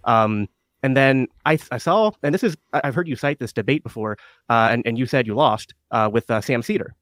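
A man's voice: medium pitch, fairly quick, fairly bright tone, dry recording. A man on a podcast talking through his story with many hesitations and restarts. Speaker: podcast host. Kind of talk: conversational podcast interview.

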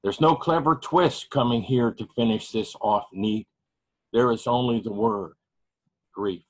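A man reads spoken-word poetry over a video call, unhurried and measured. His delivery is heavy with grief, each phrase given room to land. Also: mid-range voice, poor audio. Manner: measured, heavy pauses, grieving. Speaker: poet reading at an open mic.

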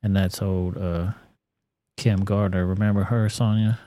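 Low, flat-voiced man on a live stream. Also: a little slow, dry recording. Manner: casual and profane, loose with fillers. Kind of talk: casual live-stream commentary.

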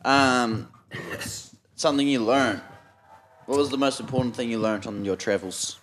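A man's voice: mid-range voice, steady tone, normal speed, a bit bright, slight background noise. A man hosting a casual podcast, prodding his guest with questions and jokes. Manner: prodding, joking interviewer. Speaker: podcast host.

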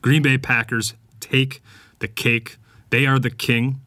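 A man's voice: mid-range voice, slow pace, no echo. Opinionated man talking sports podcast. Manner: animated, opinionated, many fillers and restarts. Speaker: podcast host. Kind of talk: casual sports commentary.

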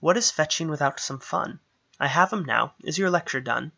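A man's voice: fairly high pitch, expressive, moderate pace, vocal fry, bright, forceful tone, lo-fi sound, full character voice. A man voicing a mischievous goat-man trickster who talks in sing-song rhymes. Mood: playful. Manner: sing-song rhyming speech.

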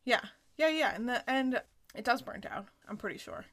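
A woman co-hosting a podcast, casually recapping a sitcom episode in an animated way, with lots of "like" and laughter. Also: a little high, normal speed. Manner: animated retelling, full of "like" and laughter. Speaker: podcast co-host.

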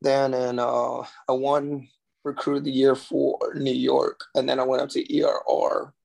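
A man with a very gravelly, husky voice speaks earnestly as a podcast guest. His pitch stays flat as he tells his story in a casual way, often restarting his sentences. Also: unhurried. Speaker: podcast guest, former Marine recruiter.

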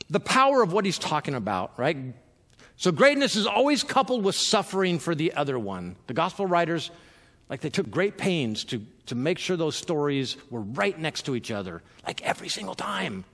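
A male pastor preaching in an easy, chatty way. His voice sits a little high, and it trails off into a long hall echo. He keeps stumbling over repeated words and fills the gaps with ums. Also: a bit bright. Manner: conversational, filler-heavy, self-interrupting with repeated words. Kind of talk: sermon.

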